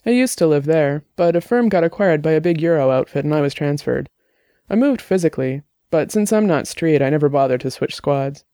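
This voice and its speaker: A woman's voice: low voice, expressive, brisk, mellow, no echo, studio quality. A man reading the part of a chatty young woman programmer, bubbly and teasing, in an audiobook.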